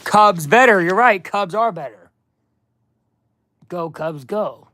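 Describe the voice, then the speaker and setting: A man's voice: sits high, slow, bright, forceful tone. A man chatting casually on a live stream, reading a comic aloud and breaking off for asides to viewers.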